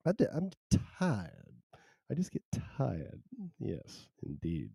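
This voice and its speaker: A man's voice: mid-range voice, wildly swooping pitch, slow, creaky, mellow, slightly rough, no room sound. A man hosting a solo live stream, chatting in a rambling, wry, self-deprecating way.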